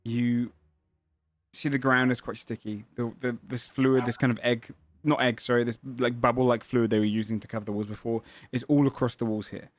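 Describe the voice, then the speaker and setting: A man's voice: mid-range voice, level tone, fairly quick, dry recording. A man running a tabletop game as game master, describing scenes at length with frequent fillers and self-corrections.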